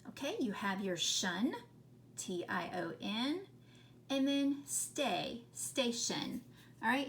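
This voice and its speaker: A woman teaching a phonics lesson to children, sounding out words slowly and patiently. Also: mid-range voice, slight background noise.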